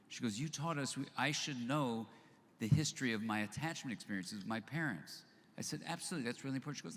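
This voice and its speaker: A man's voice: mid-range voice, fairly quick. An older man giving a live talk to an audience, telling an anecdote and acting out both sides of the dialogue. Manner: animated storyteller who acts out both sides of a dialogue. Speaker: speaker at a live event. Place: event hall. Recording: live hall with long reverb, faint noise.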